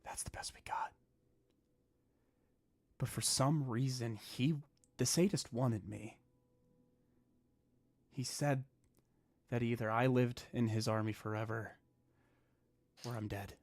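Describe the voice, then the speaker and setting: Man running a tabletop game in hushed tones. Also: medium pitch, takes it slowly, long pauses. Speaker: dungeon master.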